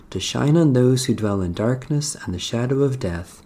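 Solemn man reading prayers, mellow voice. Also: medium pitch, lively intonation, moderate pace, few pauses. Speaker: liturgical reader. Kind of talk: slow liturgical reading of prayers and scripture.

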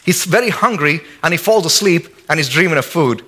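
A pastor preaching a lively sermon in church, acting out quotes and jokes. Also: male voice, fairly high pitch, fairly quick. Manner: animated, acts out quotes and jokes.

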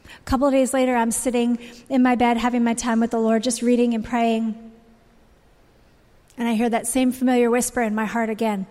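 A woman in her thirties tells her story in an earnest, heartfelt way, her voice sitting a little high. The sound carries a long reverb from a large church auditorium. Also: level tone, a little fast, mellow. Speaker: speaker sharing a testimony. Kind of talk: church testimony talk.

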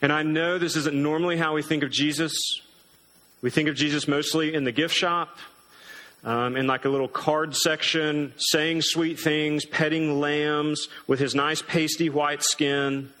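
Bright-voiced earnest male preacher. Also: on the high side, level tone, poor audio. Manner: emphatic, earnest preaching with dramatic slowdowns. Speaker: pastor. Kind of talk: sermon.

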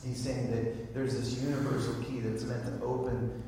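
A man's voice: mid-range voice, little pitch movement, normal speed, mellow, a little hiss or hum. A man who is a guest minister, telling a story animatedly with laughter and then speaking a prophetic word. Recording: very echoey hall, far from the mic.

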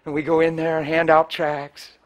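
A man, a pastor, preaching a sermon with passion, swinging from loud bursts to hushed storytelling. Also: a little high, completely flat delivery, normal speed, dull audio.

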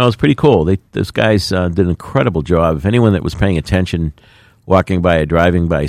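Deep-voiced folksy middle-aged man. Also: a little mellow, no echo, clean studio sound. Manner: folksy, plainspoken, many fillers. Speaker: mayor. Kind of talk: radio interview talk.

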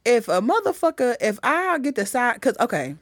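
A middle-aged woman comedian talking in a casual podcast chat, blunt and animated, swearing freely as she tells stories. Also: on the high side, moderate pace, no room sound, studio quality. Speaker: comedian guest.

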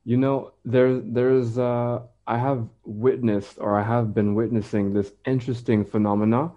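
A man, an English teacher, talking in a relaxed, measured way in a casual podcast conversation. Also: medium pitch, muffled recording.

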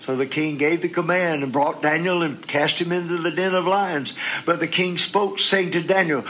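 A man preaching a sermon, going from quiet scripture reading to shouted praise and talking folksy and direct to the congregation. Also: a little high, steady tone, normal speed, few pauses, muffled recording, slight background noise. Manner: folksy, talks straight to the congregation.

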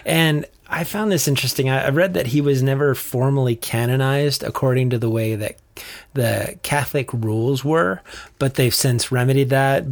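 Man reading and chatting about faith. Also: medium pitch. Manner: reads passages aloud, then chats with restarts. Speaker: podcast co-host. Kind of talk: casual faith chat.

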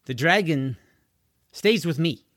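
A man's voice: on the high side, lively intonation, slow, a bit bright, no room sound, voice pushed up, exaggerated voice. Storybook role: blunt young woman guide played by a man, skeptical and curt, dry close recording. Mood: commanding. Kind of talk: storybook reading.

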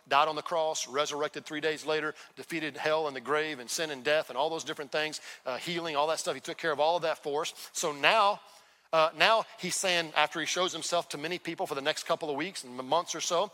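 A man preaching a sermon as a pastor in a church, talking conversationally and breaking into quick acted-out dialogues. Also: on the high side, pushed and bright. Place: church sanctuary. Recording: long hall reverb.

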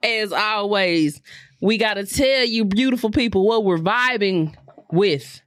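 A woman co-hosting a podcast, chatting loudly and swearing often. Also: medium pitch, measured pace, no echo, studio quality. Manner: loud, swears a lot, animated storytelling. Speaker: podcast co-host. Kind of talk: casual chat.

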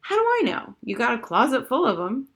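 A woman's voice: a little high, huge pitch swings, a little fast, a bit bright, voice pushed up, full character voice. Woman playing a defiant eleven-year-old girl. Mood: exasperated. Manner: blunt, defiant, sulky. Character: spy-minded sulky 11-year-old girl.

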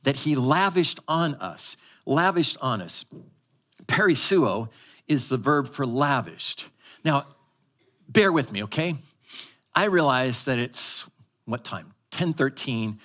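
A male pastor preaching a live sermon to a congregation, teaching emphatically and having the audience repeat words, moving between quick asides and slow stressed phrases. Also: mid-range voice, animated, a bit bright. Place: church service.

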